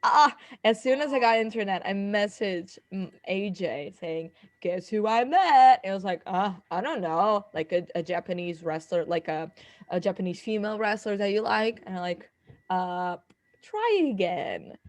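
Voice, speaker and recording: A young woman guest on a podcast, telling stories with giggly excitement. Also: mid-range voice, normal speed, no room sound. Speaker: guest wrestler. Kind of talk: casual interview chat.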